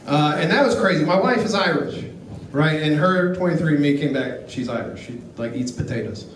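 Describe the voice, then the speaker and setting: A middle-aged man works a comedy club stage, telling family stories with a dry, deadpan delivery and acting out the lines of the people in them. His voice sits high for a man. The recording is echoey and picked up from a distance, with faint room noise underneath. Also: a little fast. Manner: deadpan storytelling with acted quotes. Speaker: stand-up comedian. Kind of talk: stand-up set. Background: audience laughter.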